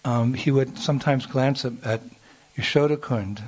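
A man's voice: mid-range voice, normal speed, a little mellow. A man telling a devotional story, chuckling often and restarting his sentences. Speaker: spiritual storyteller.

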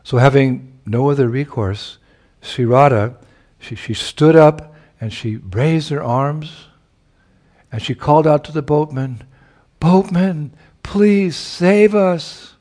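Slow, reflective male preacher telling a story. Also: mid-range voice, a little mellow. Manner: reflective, with chuckles and searching for words. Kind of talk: storytelling sermon.

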